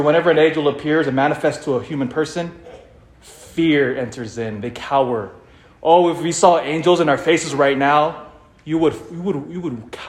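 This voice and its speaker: A man preaching a sermon and telling the story dramatically, dropping to a hush and then rising loud. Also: a little high. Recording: echoey room.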